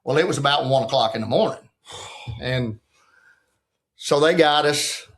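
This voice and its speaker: A man's voice: medium pitch, measured pace. A man in his sixties, a retired football coach, telling a story in a casual chat and acting out what other people said in a folksy way. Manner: folksy, acts out the quotes of others.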